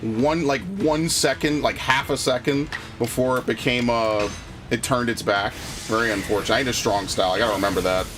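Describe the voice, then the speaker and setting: A man's voice: medium pitch, fairly even intonation, fairly quick, music in the background. A man streaming a video game, chatting casually and ranting heatedly with lots of swearing and restarts. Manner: profane, heated storytelling with frequent restarts. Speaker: gaming streamer. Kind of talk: casual gameplay commentary and ranting.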